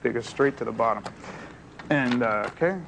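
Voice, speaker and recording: A man's voice: medium pitch, moderate pace, vocal fry, noisy background. A man from Boston, a guest cook on a cooking show, easygoing and agreeable as he talks through his recipe. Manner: easygoing, agreeable, says yep often. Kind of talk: casual cooking chat.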